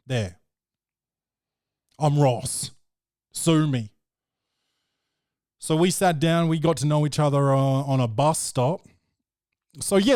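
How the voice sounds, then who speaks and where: A man's voice: medium pitch, darkish tone, dry recording, studio quality. A man hosting a podcast, telling crude, rambling stories in casual chat. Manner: rambling, profane storytelling, peppered with "bro". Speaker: podcast host.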